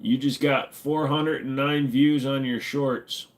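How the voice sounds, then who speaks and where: A retired American man hosts a casual livestream, joking as he reads the chat aloud and slipping into silly voices. His voice is mid-range, with a steady tone and a slow pace.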